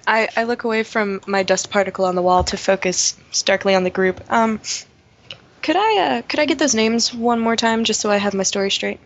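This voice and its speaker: A woman chatting as a player in a tabletop game, in a mid-pitched voice. Her talk is playful and easy. The sound is slightly muffled. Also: brisk, a little hiss or hum. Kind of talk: casual tabletop game chat.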